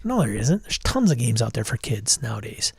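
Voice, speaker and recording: A man's voice: medium pitch, very animated, a little fast, vocal fry, darkish tone, breathy edge, dry recording, studio quality. Blunt exasperated middle-aged man host. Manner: blunt, exasperated, swears casually. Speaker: podcast host. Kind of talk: casual livestream talk.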